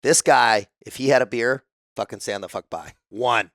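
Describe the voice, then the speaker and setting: A man from the United States, a podcast guest telling stories in a casual, profane, animated way. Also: mid-range voice, moderate pace, no echo, clean studio sound. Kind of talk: casual storytelling.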